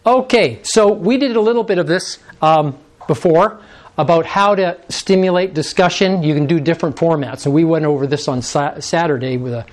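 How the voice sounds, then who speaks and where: A man's voice: on the high side, moderate pace. A man presenting an interactive workshop, often checking in with the audience. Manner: coaxing, prompts the audience often.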